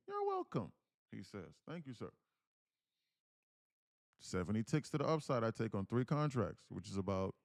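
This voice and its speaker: A young man live-streams his day trading, walking viewers through his trades and chatting with them. His creaky voice comes through at studio quality with no room sound, and he's talkative and thankful to viewers, putting on a higher voice whenever he reads comments aloud.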